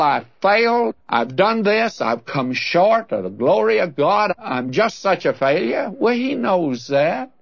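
An older man preaches a verse-by-verse radio sermon in a folksy, earnest way. His voice sits a little high and swings up and down with lively emphasis. It comes through a dull, lo-fi old radio recording. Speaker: radio Bible teacher.

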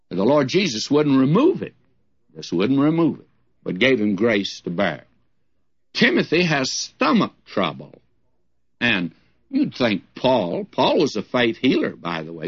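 Older male Bible teacher, folksy sermon style, animated delivery, lo-fi sound. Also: mid-range voice, breathy edge. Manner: folksy, emphatic, addresses listeners as friends. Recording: dull lo-fi old recording.

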